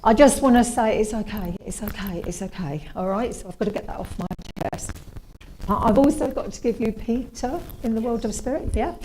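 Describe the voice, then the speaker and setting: A woman working as a medium, speaking gently and reassuringly with some hesitation. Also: a little high, brisk, a little hiss or hum. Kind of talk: mediumship demonstration at a service.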